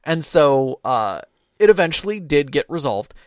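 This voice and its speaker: A man's voice: fairly high pitch, very animated, unhurried, no room sound, studio quality. A man and podcast co-host who runs tabletop games, chatting casually and retelling a table story with energy. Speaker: game master, podcast co-host.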